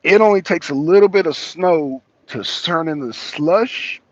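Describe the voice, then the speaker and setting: A man's voice: fairly high pitch, unhurried, dry recording, muffled recording. A man hosting a political talk show, chatting casually from home and his car in a loose, rambling, slangy way. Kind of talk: casual solo vlog commentary.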